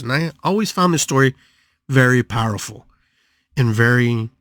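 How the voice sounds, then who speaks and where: Here the spiritual podcast host, mid-range in voice, spins a dramatic tale, hammering home phrases through emphatic repetition. The sound is clean studio quality without any echo.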